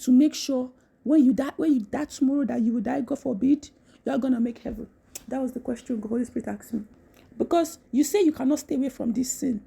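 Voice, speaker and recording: A woman giving a casual devotional talk, animated, repeating phrases and laughing often. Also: sits high, quick pace, vocal fry, husky. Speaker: Christian content creator.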